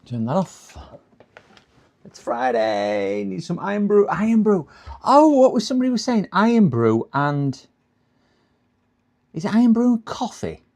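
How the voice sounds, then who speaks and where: Gravelly man muttering through a repair. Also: high-pitched, sing-song, measured pace, pauses often, a little mellow. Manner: muttering to himself, chatting to the live chat between tasks. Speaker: live-streaming computer repairer. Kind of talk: casual running commentary while working.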